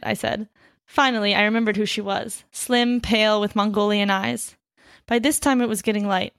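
A woman reading a translated story aloud at a steady pace, breaking off now and then to chat casually. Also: mid-range voice, brisk, creaky, no room sound, clean studio sound. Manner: reads steadily, then chats loosely with fillers and laughs. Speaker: reader of a story.

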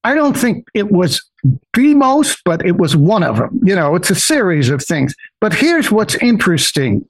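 An older man telling personal stories as a guest in an interview, animated and often acting out the voices of others. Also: high-pitched, moderate pace, husky, dry recording, rough recording. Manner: animated, acts out quoted voices, many restarts. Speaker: guest investor. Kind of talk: personal storytelling in a podcast interview.

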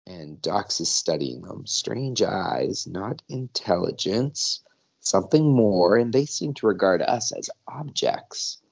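A man's voice: deep voice, animated, slow, vocal fry, husky, highs cut off. A man casually recapping a cartoon episode as a podcast co-host, retelling the story and acting out the dialogue.

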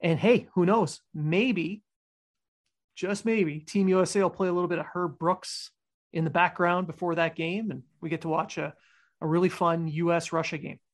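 A man's voice: fairly high pitch, fairly even intonation, normal speed. A man co-hosting a hockey podcast in casual sports chat, joking and wisecracking. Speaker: podcast co-host.

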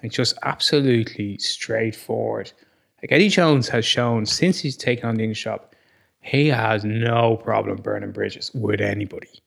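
Male co-host, gravelly voice, blunt and opinionated. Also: on the low side, steady tone, normal speed. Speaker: podcast co-host. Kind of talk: casual sports chat.

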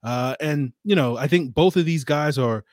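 A man's voice: a little high, moderate pace, a little mellow, no room sound, studio quality. A man guest on a sports podcast, talking football in a conversational way with lots of hedging. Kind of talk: casual sports analysis talk.

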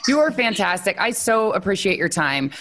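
A woman's voice: mid-range voice, very animated, normal speed, fairly bright tone. A woman hosting a podcast who talks candidly in a casual conversation and openly doubts herself. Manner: candid, self-doubting, emotional. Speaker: podcast host.

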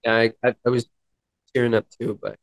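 A man guest on a podcast, earnestly telling a personal story and acting out dialogue, with halting restarts. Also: medium pitch, little pitch movement, vocal fry, no echo. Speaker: podcast guest, musician in recovery. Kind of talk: personal storytelling in a sit-down interview.

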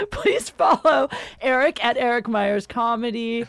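Bright-voiced woman hosting a chat. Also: fairly high pitch, lively intonation, slow pace, dry recording. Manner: blunt, giggly, teasing. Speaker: podcast host. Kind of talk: casual comedy chat.

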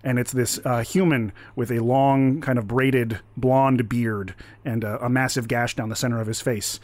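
A man's voice: medium pitch, steady tone, moderate pace, a little mellow, dry recording. A man narrating a tabletop game as game master, chatty and laughing often. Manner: chatty, laughs while describing.

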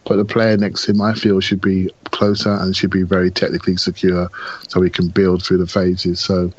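A man talking football as a podcast pundit, thoughtful and halting with many restarts. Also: low-pitched, monotone, breathy edge, dull audio. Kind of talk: casual chat.

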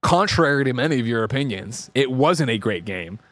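A man's voice: medium pitch, lively intonation, a little fast, fairly bright tone, no room sound. A man in his thirties co-hosting a games news show, reading stories and breaking off into joking, profane asides. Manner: joking, brash, swears freely, acts out quoted dialogue. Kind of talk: casual chat while reading news.

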